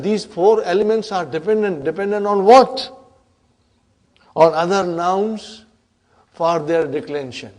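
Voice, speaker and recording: A man's voice: high voice, a little mellow. A man teaching Arabic grammar to a class in a lecture style, often checking in with his students.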